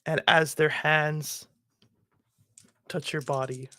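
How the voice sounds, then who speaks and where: A man's voice: a little high, level tone, takes it slowly, pushed and bright, no echo, studio quality. A man narrating a tabletop game as game master, loosely explaining rules with many fillers.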